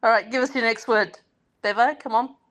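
A woman's voice: fairly high pitch, fairly even intonation, a little fast, fairly bright tone. An Australian woman in a casual podcast chat, playfully explaining local slang.

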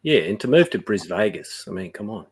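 A gruff, teasing Aussie bloke, as a woman puts him on drops his voice far below her own and drawls with broad mockery. The is thick and the tone is rough and low. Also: very animated, brisk, heavily acted. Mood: mocking.

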